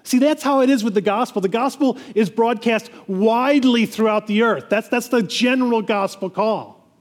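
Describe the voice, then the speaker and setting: A man's voice: very high voice, normal speed, in a large hall. A man preaching a sermon as pastor, earnest, often repeating words and restarting phrases.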